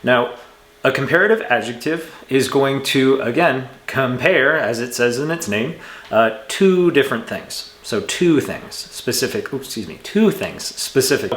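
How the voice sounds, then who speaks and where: A man teaching an English grammar lesson from home, in a relaxed, chatty way that often corrects itself. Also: medium pitch, a little slow, roomy sound, a little hiss or hum. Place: home room with a cat.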